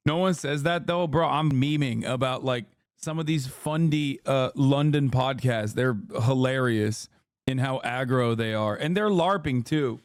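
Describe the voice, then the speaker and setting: A man's voice: medium pitch, measured pace, clear, resonant tone, no echo, clean studio sound. A man hosting a stream, reacting with profane, emphatic commentary. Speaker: streamer host.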